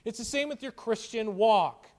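Male pastor, higher voice, mid-sermon teaching with pointed rhetorical questions. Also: normal speed, a little mellow. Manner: teaching, explains scripture word by word, rhetorical questions.

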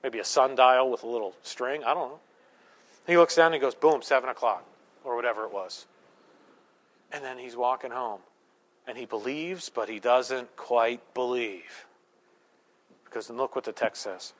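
A pastor delivers a conversational sermon to his congregation, mixing in joking asides and acting out quotes. His voice is mid-range, his pace moderate, and he leaves long pauses.

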